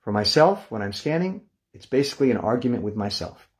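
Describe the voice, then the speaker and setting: An older man leading a guided relaxation lesson, calm and unhurried, counting down softly and easing into hushed releases. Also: mid-range voice. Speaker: meditation instructor.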